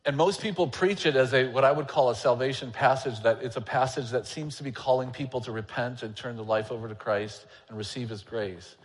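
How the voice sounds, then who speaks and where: A man's voice: mid-range voice, steady tone, brisk, hardly any pauses, long reverb tail. A man, an elder preaching a sermon, talking candidly and conversationally with a self-deprecating manner. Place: church sanctuary.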